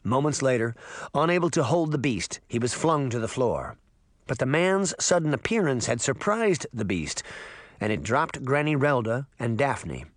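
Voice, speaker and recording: Animated male audiobook narrator. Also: mid-range voice, moderate pace, no room sound, studio quality. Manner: lively, expressive reading. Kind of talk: storytelling narration.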